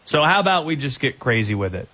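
A man's voice: medium pitch, sing-song, bright, forceful tone. A man hosting a call-in sports radio show, upbeat and joking with callers. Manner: upbeat, joking, quick asides.

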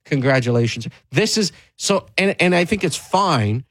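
A man's voice: high-pitched, very animated, measured pace, fairly bright tone, no echo, rough recording. Emphatic man hosting sports talk. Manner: emphatic and candid, with frequent restarts and rising stress. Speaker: sports talk show host.

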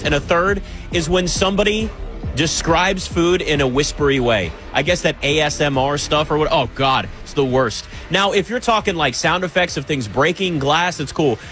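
A man hosting a casual sports radio talk show, animated and teasing, rambling through his opinions from a studio. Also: on the high side. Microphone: studio mic.

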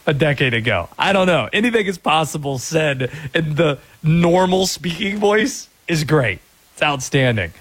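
A man's voice: medium pitch, fairly bright tone. A man hosting a sports radio talk show, upbeat and joking with callers. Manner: upbeat, joking, laughs easily.

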